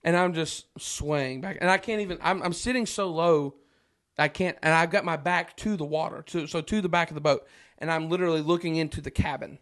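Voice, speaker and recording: High-voiced man telling an animated story. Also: brisk. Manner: animated, acts out quoted voices, frequent laughs. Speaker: podcast guest. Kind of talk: casual storytelling.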